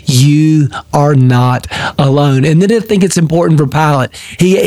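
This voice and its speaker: A man's slightly higher voice sets the tone of a pastor's daily devotional. He reads and teaches with earnest emphasis, and the sound is dry with no room ring around it. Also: darkish tone, no room sound.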